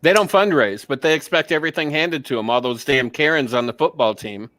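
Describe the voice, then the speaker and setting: A man's voice: a little high, a little fast, sharp tone, dry recording. A man co-hosting a casual podcast, talking bluntly with crude jokes and mock rants. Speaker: co-host.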